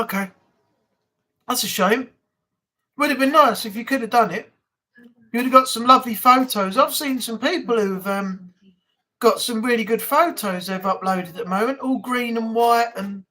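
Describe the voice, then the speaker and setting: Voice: medium pitch, moderate pace, pauses often, pushed and bright. A chatty host from England rambles through a casual live-stream chat. The talk runs loose and conversational, with answers to viewer comments and bits of good-natured ranting.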